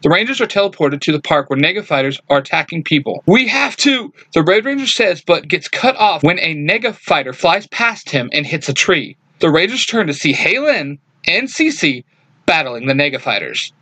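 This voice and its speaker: A young man reading a fan story aloud, lively, shifting his voice for each character. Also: on the high side, normal speed, no room sound. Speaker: fan fiction reader.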